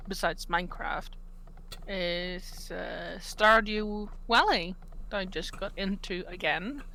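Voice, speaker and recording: A woman from Norway takes her time, speaking slowly and thinking aloud. Her voice is bright and clear, and she answers the questions in a modest, casual way. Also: mid-range voice. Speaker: guest artist.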